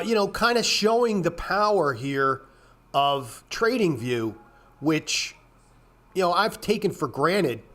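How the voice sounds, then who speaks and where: Blunt, profane trading commentator. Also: male voice, a little high, sharp tone. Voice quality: frequent throat clearing. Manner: rambling, blunt and profane, rising to exasperated rants. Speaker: trading show host. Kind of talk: casual market commentary.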